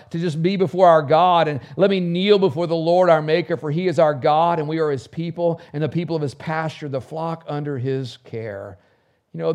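Fervent preacher man, soft to loud. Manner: fervent preacher, swings between loud bursts and soft low prayer. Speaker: pastor. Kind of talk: sermon.

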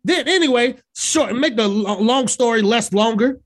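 A woman co-hosting a podcast, talking in an easy, everyday chat style. Her pitch swings widely as she builds her points, and she jumps into high, yelping exclamations whenever she quotes her own reactions. She swears freely and leans hard on her words. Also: moderate pace. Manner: animated and emphatic, profane, acts out her own reactions in sudden high yelps. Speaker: podcast co-host. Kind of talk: casual music review chat.

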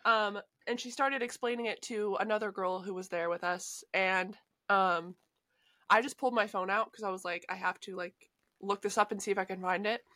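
Relaxed woman telling a story. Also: mid-range voice, moderate pace, dry recording. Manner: relaxed, laughs often, tells anecdotes. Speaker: podcast co-host. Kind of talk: casual chat and storytelling.

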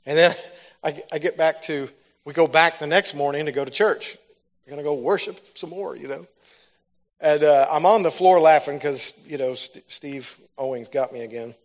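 Pitched on the high side and moving at a moderate pace, a man delivers a sermon. What begins as a story of his own testimony swells into loud, fervent preaching.

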